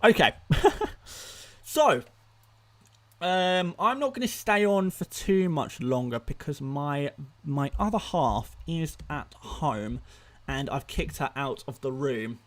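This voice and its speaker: Quick-answering man on a live stream. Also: a little high, expressive, fairly bright tone. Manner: rapid-fire answers to chat questions, stumbling repeats. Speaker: fantasy football streamer.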